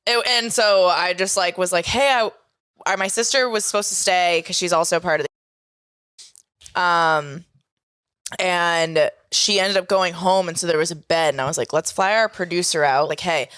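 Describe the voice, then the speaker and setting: A woman's voice: lowish voice, moderate pace, fairly bright tone, clear, resonant tone, no echo. A woman co-hosting a podcast in casual chat, chatty and full of fillers. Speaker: podcast co-host.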